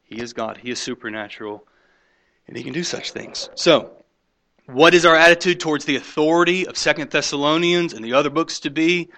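A man preaching a sermon in a bright, forceful voice that sits a little high. He swings between loud emphatic points and hushed asides, and slips into mocking voices to quote the skeptics. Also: a little fast. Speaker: pastor.

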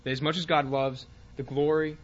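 A man teaching a Bible class, speaking haltingly with fillers and restarts and reading passages aloud with more force. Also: a little high, little pitch movement, dull audio.

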